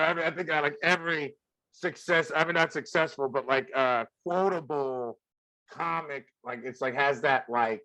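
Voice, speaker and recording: A man's voice: medium pitch, sharp tone, no room sound, low-quality recording. A man hosting a casual podcast chat, from Mexico, who talks bluntly, laughs a lot and leans on "like" fillers. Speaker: podcast host and comedian.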